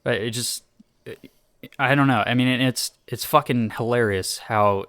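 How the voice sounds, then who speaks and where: A man's voice: mid-range voice, measured pace, fairly bright tone, dry recording. A young man co-hosting a podcast, telling stories in casual chat in an exasperated, swearing tone. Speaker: podcast co-host.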